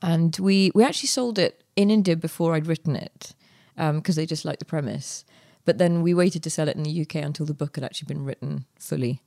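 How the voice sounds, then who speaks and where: A young woman, a guest author, telling her story in a relaxed interview, chatty with many fillers and restarts. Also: low-pitched, a little fast, gravelly, hardly any pauses, no room sound, clean studio sound.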